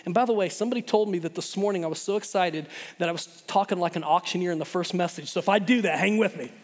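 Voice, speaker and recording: A middle-aged man preaching a sermon in an animated way, often repeating words and restarting. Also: high-pitched, quick pace. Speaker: pastor. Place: church hall. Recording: long hall reverb.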